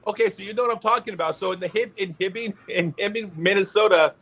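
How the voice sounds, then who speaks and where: High and husky, this man's voice moves at a quick pace as he guests on a podcast. He spins an anecdote in casual chat like an animated storyteller, laughing mid-sentence.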